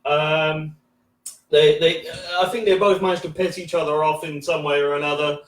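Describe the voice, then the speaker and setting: A high-pitched man in his thirties rambles through a first stand-up set, stumbling over restarts and fillers and swearing freely. He is heard from a distance, and the room rings with echo around him. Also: steady tone, normal speed, a little hiss or hum. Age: 30s. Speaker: stand-up comedian.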